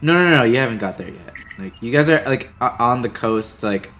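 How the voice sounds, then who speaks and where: A man with a mid-range, slightly bright voice narrates a tabletop game as its game master, sounding animated and brisk. He's casual and easygoing, leaning heavily on fillers, and there's a faint hiss or hum in the recording.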